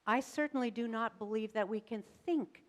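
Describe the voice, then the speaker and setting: A woman pastor preaching a sermon, telling the story dramatically with varied emphasis and pauses. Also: on the high side. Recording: long reverb of a church sanctuary.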